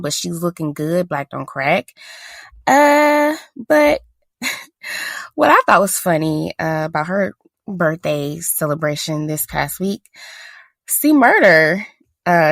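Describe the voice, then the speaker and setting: A woman's voice: fairly low pitch, gravelly, fairly bright tone, no echo. A woman co-hosting a podcast in casual chat, blunt and sarcastic, often laughing as she talks. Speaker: podcast co-host.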